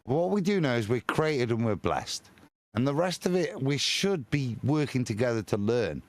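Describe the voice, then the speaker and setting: A man's voice: medium pitch, big pitch swings, moderate pace. A man co-hosting a live stream, talking in a rambling, emphatic way with crude insults. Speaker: live show co-host.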